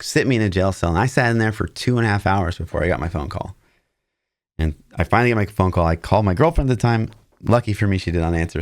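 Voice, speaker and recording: A man in his thirties, a podcast co-host, telling a long personal story in casual chat, acting out the lines of the people in it. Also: lowish voice. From Missouri, US. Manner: animated anecdote-telling, acting out quotes with shouts.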